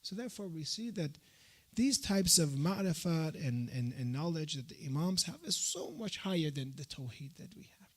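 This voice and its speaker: A man's voice: on the high side, animated, moderate pace. A man giving a sermon in a mosque, commenting on a prayer and speaking directly to the congregation with rising emotion. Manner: switches between English and recited Arabic, emotive, addresses the congregation directly. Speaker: sheikh giving a religious talk.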